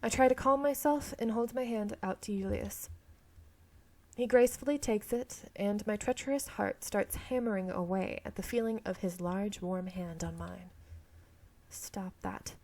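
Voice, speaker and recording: A woman reading a romance game's narration aloud, with a touch of vocal fry in a mid-range voice. She stumbles on words and corrects herself with casual asides. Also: mid-range voice, unhurried, a little mellow. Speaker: game streamer reading aloud.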